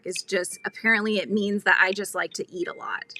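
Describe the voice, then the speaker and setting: A bright, clear-voiced woman in her thirties hosts a relaxed crochet livestream from home. She chats easily with viewers, laughs often and drifts from story to story. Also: mid-range voice, brisk, a little hiss or hum. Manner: chatty, laughs often, talks to live chat. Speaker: crochet channel host. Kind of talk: casual livestream chat while crocheting.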